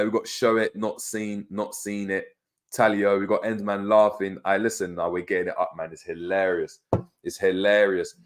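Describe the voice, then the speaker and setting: A man with a fairly low voice hosts a loose, casual live stream. He bursts into laughter easily and trades slangy banter with his chat. He reads viewer comments aloud between his own remarks. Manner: slangy banter with many fillers. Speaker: host of a fan live stream.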